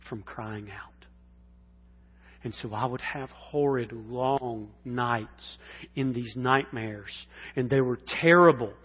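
A male pastor preaching a sermon, dropping to hushed whispers and rising to loud, impassioned cries. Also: mid-range voice, breathy edge. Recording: dull sound in a long-reverb hall.

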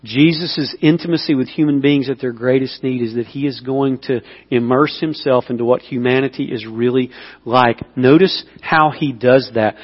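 A man preaching a sermon as pastor, telling stories with lively emphasis and dropping to a hushed voice. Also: medium pitch, moderate pace, husky, dull audio. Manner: animated storytelling, swings between loud emphasis and hushed intimacy. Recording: long hall reverb.

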